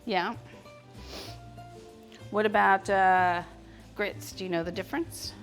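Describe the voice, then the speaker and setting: A woman's voice: medium pitch, steady tone, takes it slowly. Woman, cooking show host, chatty, talks to viewers while cooking, home kitchen, faint music. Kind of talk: live-streamed cooking demonstration.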